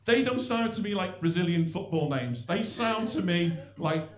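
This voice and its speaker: A middle-aged man from St Helens in North West England performs live stand-up with a Northern English accent, his high, animated voice at a moderate pace. He rambles in a dry, self-deprecating way, frequently adding "really." The echoey club audience responds with laughter.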